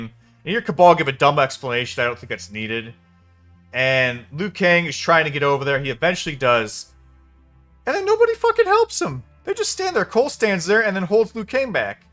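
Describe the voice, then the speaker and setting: A man's voice: medium pitch, sharp tone. A man giving a casual spoken film review, venting in an exasperated, profane way. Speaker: movie reviewer.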